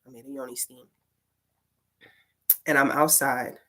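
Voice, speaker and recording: Woman storyteller, deep voice, rambling casual monologue, filler-heavy and profane. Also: steady tone, measured pace, fairly bright tone. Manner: rambling, full of "like" fillers and swearing. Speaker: tarot reader and poet.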